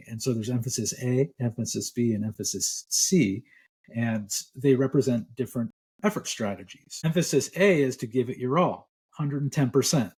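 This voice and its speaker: A man's voice: mid-range voice, darkish tone, husky. A middle-aged man, a clinical psychologist, explaining ideas relaxedly in a podcast interview.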